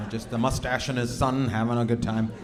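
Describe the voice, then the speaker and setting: A man's voice: medium pitch, level tone, fairly quick. A male stand-up comedian doing crowd work in a club, brash and profane as he needles audience members. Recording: echoey club with loud crowd and noise.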